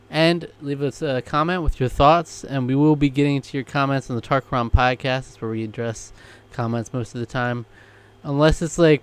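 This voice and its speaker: A man's voice: medium pitch, clean tone. A man co-hosting a TV reaction show, chatting casually and easygoing, then wrapping up the episode with sign-off lines. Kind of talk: casual chat, reaction commentary.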